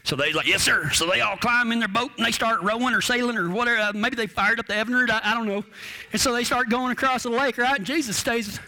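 A man's voice: very high-pitched, fast, pushed and bright. A man preaching a folksy, homespun sermon, often repeating words as he restarts his sentences. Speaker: cowboy preacher.

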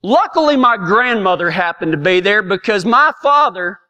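A man's voice: high voice, expressive, normal speed, bright, forceful tone, muffled recording. A middle-aged man telling a comic personal story in a folksy, self-mocking way, laughing often. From Texas.

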